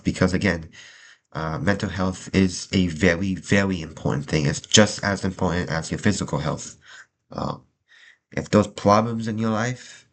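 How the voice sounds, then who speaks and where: A young man with a very low, deep voice speaks to the camera from a small room. He is earnest and halting, restarting and repeating himself as he goes. A faint noise sits under the recording. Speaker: vlogger. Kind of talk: personal talk to camera. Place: small room indoors, adjusting his lighting.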